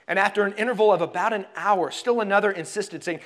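A man preaching a sermon in a church, telling the story expressively and dropping to hushed tones for emphasis. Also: high-pitched, quick pace, few pauses. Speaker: pastor.

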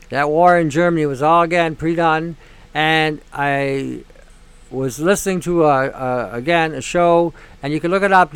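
A man's voice: fairly high pitch, fairly bright tone, smooth, no echo. A man hosting a show, talking in a blunt, ranting monologue that keeps repeating itself and swears freely. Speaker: show host. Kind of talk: opinionated monologue.

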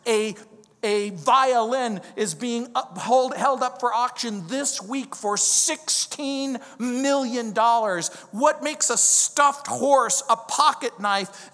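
A middle-aged man from Southern California, a pastor preaching a verse-by-verse sermon and telling stories with slow, emphatic stresses. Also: very high voice, sharp tone. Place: church sanctuary. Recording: long reverb of a large hall.

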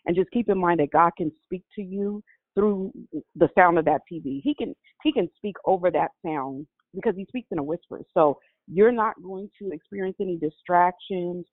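A man's voice: sits high, normal speed, no room sound. A man calling into a prayer line, exhorting the listeners in a preacherly way. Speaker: caller. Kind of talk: prayer-call testimony. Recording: tinny, dry phone line.

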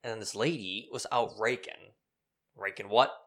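A young man telling a story in casual chat, animated and profane, laughing often. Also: fairly low pitch, moderate pace.

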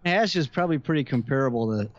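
A man's voice: medium pitch, expressive, fast, lo-fi sound, over a noisy crowd. A man guest on a podcast, chatting casually with jokes and swearing. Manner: joking, profane.

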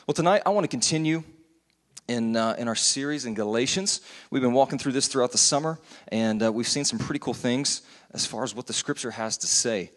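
A man's voice: medium pitch, a little fast. Earnest man preaching in a reverberant hall. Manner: earnest, conversational, with many restarts. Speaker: pastor. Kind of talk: sermon. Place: church sanctuary. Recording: long church hall reverb.

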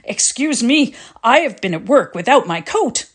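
A woman's voice: a little high, very animated, moderate pace, voice pushed up. A woman voicing a cordial, fussy middle-aged father with a pleasant sing-song voice in a readers' theatre story reading. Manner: warm, fussing hospitable welcome.

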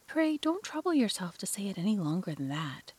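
A woman's voice: medium pitch, sing-song, fairly quick, darkish tone, husky. A woman reader voicing Alice, a polite, curious young girl. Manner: polite, earnest, a little indignant.

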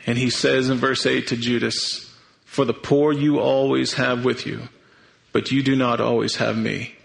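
A man's voice: medium pitch, little pitch movement, unhurried, creaky, low-quality recording. A man preaching a sermon, earnest and thinking aloud, sometimes restarting his sentences. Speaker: pastor.

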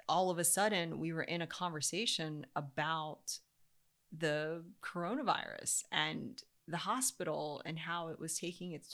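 Woman, thirties, casual storyteller, lowish voice, animated, acts out quotes. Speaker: parent telling a personal story.

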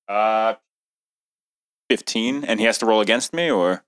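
A man's voice: on the low side, unhurried. Man player over a noisy recording. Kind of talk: casual tabletop play.

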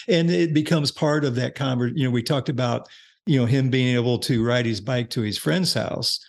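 Guesting on a podcast for a casual interview chat, an older man, an author and coach on parenting, lays out ideas with examples and keeps restarting his thoughts. He speaks at a moderate pace in a gravelly, mid-range voice.

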